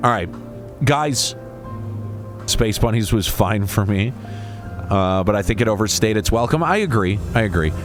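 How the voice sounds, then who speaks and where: A man's voice: fairly low pitch, animated, normal speed, long pauses. A man streaming a game, chatting casually with stammered restarts and casual swearing. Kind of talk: casual live-stream chat. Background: game music.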